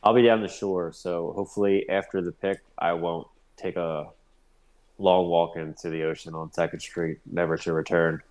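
A man's voice: sits low, little pitch movement, moderate pace, a little mellow, slight background noise. A young man chatting casually, retelling a story with animation. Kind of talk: casual chat.

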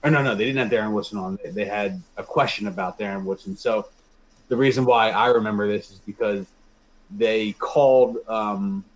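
A man's voice: lowish voice, normal speed, low-quality recording. A young man telling a story to his friends, rambling with lots of fillers and laughing as he goes. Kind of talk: casual storytelling among friends.

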